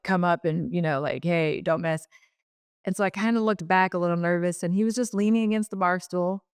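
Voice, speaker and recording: A woman's voice: lowish voice, smooth, no echo, studio quality. A middle-aged woman, a podcast guest, telling a personal story frankly and chattily, acting out the dialogue she quotes.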